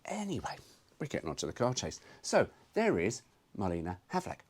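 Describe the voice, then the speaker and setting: A man's voice: lowish voice, wildly swooping pitch, a little fast, slightly rough. A man hosting his own car video, chatting casually with cheeky, sweary jokes. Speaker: car vlogger.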